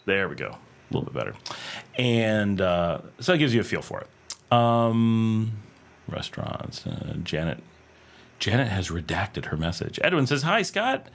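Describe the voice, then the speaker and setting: Low-ish voiced guy rambling thru viewer comments on his home livestream, lots of ums and restarts. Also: very animated, unhurried, creaky. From United States. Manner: rambling, thinks aloud with many fillers and restarts. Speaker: livestream host. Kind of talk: casual livestream chat reading viewer comments. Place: home room with air conditioning.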